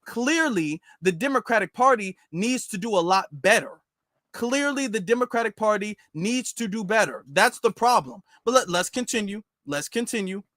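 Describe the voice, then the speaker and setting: Guy hosting a reaction stream, sarcastic, keeps repeating his questions, high-ish voice, dry sound. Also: lively intonation, moderate pace, fairly bright tone, no echo. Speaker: host of a livestreamed commentary show. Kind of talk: reaction commentary livestream.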